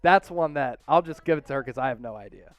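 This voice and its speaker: A man with a Philadelphia accent hosting a casual live sports stream, excitable and hyping viewer donations with loud outbursts. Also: mid-range voice, fast talker, no echo, faint music behind. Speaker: sports show host.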